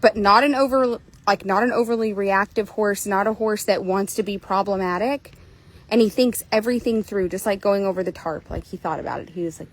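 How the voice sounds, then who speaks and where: Outdoors at a trail course, a woman who trains and sells horses shows viewers one that's for sale, talking fairly quickly in a mid-range voice. Her casual pitch is cheerful and talkative, though the heat leaves her a bit out of breath. The audio is poor quality.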